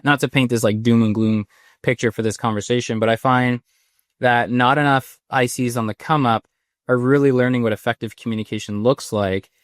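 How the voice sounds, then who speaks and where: A man's voice: lowish voice, no echo. Chatty male podcast host, dry close sound. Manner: chatty, rambling questions with many restarts. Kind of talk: conversational interview.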